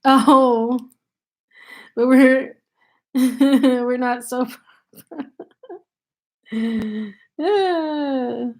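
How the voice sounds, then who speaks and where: A woman's voice: sits high, drawn-out words, long pauses. A woman from Tennessee with a Southern country accent, chatting casually with viewers on a live stream and thanking them by name. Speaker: channel host on a live stream. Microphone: laptop.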